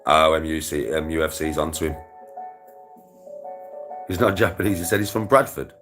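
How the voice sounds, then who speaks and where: A man's voice: rumbling low, normal speed, over music. A man livestreaming casual chat to his viewers, rambling and swearing, with frequent laughter.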